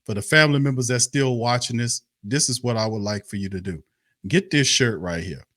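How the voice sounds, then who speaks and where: A man's voice: mid-range voice, fairly quick, fairly bright tone, no echo, clean studio sound. A man hosting a sports talk livestream, ranting about his team with angry, exasperated, profane talk and lots of repetition. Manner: profane, exasperated, repeats himself. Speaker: sports talk show host.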